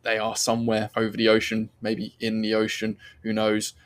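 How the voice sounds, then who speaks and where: A man running a tabletop game as game master, narrating in a relaxed, jokey way. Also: on the low side, normal speed.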